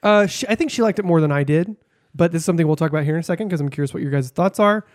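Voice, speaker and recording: A man's voice: on the high side, racing. Rambling man podcast co-host. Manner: rambling, laughs often, many fillers. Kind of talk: casual podcast chat.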